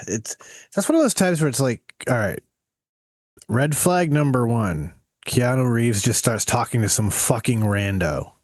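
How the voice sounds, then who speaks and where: A man co-hosting a podcast in casual chat, telling profane, animated stories. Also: medium pitch, unhurried, no room sound, studio quality. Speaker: podcast co-host.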